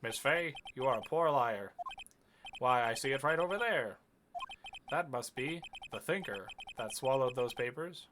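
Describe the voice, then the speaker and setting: A streamer voicing a theatrical, menacing villain in a lowered voice, reading game dialogue aloud. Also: animated, a little slow, noisy background, close to an everyday voice. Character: mysterious older man, smooth menacing schemer. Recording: game music underneath.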